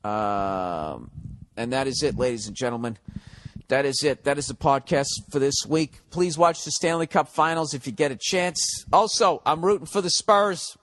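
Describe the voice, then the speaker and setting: A man's voice: medium pitch, normal speed, a bit bright, a little hiss or hum. A man hosting a solo podcast, rambling through blunt, profane rants. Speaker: podcast host.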